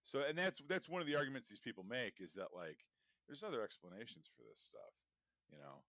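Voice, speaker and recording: Man, very low voice, dry close sound, casual swearing, rambling podcast chat. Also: very animated, a little fast, a bit bright, dry recording. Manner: profane, rambling, digressive. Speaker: podcast co-host.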